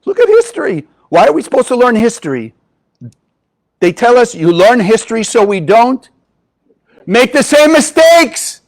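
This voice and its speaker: A man teaching Kabbalah in a spiritual lecture, animated and asking the audience rhetorical questions. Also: very high-pitched, poor audio.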